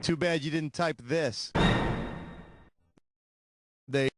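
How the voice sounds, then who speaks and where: A snarky, high-voiced trivia host. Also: male voice. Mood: wisecracking. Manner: snarky, jokey, quick asides. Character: wisecracking sarcastic male trivia game show host. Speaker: game show host. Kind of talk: scripted video game hosting. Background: game music.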